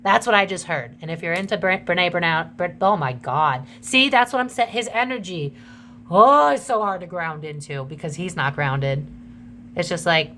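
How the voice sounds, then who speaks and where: A woman's voice: on the low side, moderate pace, fairly bright tone, slight background noise. A woman doing a casual psychic tarot reading to her viewers, chatty and emotional, swearing freely.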